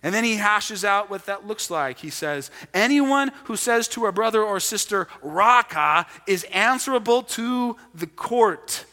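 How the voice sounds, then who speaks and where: A man's voice: high-pitched, expressive, a little slow, few pauses, pushed and bright. A male pastor preaching a sermon in a conversational way, acting out the lines he quotes. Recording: long reverb of a large hall.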